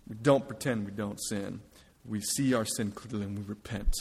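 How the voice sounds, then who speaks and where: A man preaching a sermon as a pastor, earnest, often dropping to a hush for emphasis. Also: on the low side, steady tone, normal speed, breathy edge, long reverb tail.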